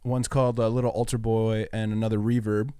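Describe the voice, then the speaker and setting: A man working as a music producer, casually walking through how he built a remix, with a relaxed, loose way of talking. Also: on the low side, a little fast, smooth, dry recording, clean studio sound. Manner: relaxed, loose, hedging with "like" and "kinda".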